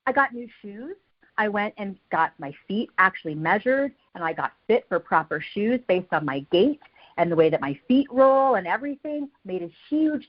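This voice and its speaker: Woman hyping up her team on a video call, emphatic, repeats stuff, muffled lo-fi call sound. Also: medium pitch. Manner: energetic, emphatic, repeats phrases for effect. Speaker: guest speaker on a team call. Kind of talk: motivational talk. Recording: dull lo-fi call audio.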